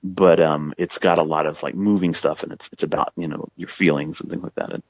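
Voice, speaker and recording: A man's voice: rumbling low, fairly even intonation, brisk, no echo, muffled recording. A man in his forties, a guest author, talking in a casual podcast conversation, rambling with many fillers and restarts. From south Texas.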